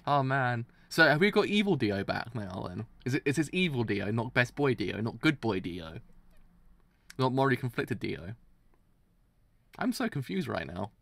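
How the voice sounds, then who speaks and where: A man's voice: medium pitch, sing-song, normal speed, creaky, fairly bright tone, dry recording. A man streaming a live manga reaction, reading along and exclaiming in disbelief.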